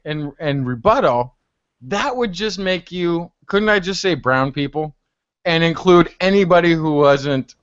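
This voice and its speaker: In a casual group video chat, a man with a slightly high, clear, resonant voice tells a story as a hangout panelist, acting out the exchanges he quotes. He's on a computer mic, and the dry recording has its highs cut off.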